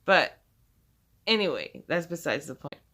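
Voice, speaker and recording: A woman tells a personal story in a loose, rambling way. She swears freely and laughs often. Her voice is bright and forward. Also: low voice, big pitch swings, measured pace. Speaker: vlogger telling a personal story. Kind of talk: casual storytelling.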